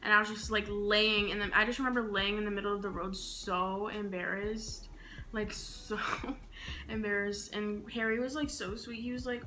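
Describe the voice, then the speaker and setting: Bright-voiced young woman telling stories. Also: medium pitch, normal speed. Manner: animated, slangy, acts out quotes. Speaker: beauty vlogger. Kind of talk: casual storytelling while carving a pumpkin.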